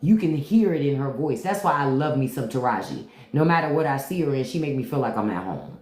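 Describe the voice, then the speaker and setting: A low-voiced woman with a D.C. chats candidly on a livestream, her pitch swinging up and down as she talks. She laughs often and drops into imitations of how people speak in other cities. The room is echoey around her. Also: expressive, fairly quick, a little mellow. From Washington, D.C. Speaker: podcast host on a livestream. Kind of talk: casual livestream chat answering viewers.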